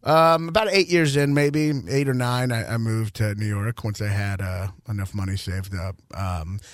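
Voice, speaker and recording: A man's voice: on the low side, fairly even intonation, moderate pace, no room sound, clean studio sound. A young man from Louisville, a comedian guest, chatting casually in a radio interview and rambling through stories with fillers and laughs. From Louisville, Kentucky.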